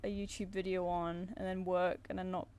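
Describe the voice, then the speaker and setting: A woman's voice: fairly low pitch, little pitch movement, normal speed, a little mellow. A woman with a Southern English accent chatting casually while she draws on a stream, rambling and restarting her sentences. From England. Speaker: streamer and artist. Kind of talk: casual chat while drawing. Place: home flat with a cat.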